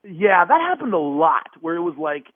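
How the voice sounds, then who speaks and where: Speaking at a moderate pace, a man shares a casual story as a podcast guest, animated and acting out quotes in a higher, raised voice. The recording has a phone-like narrow band and no room sound.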